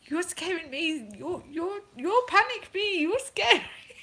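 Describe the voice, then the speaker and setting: A woman's voice: very high voice, animated, a little slow, a bit bright, voice pushed up, full character voice. A woman imitating a frightened male stranger who stammers in broken English. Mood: panicked.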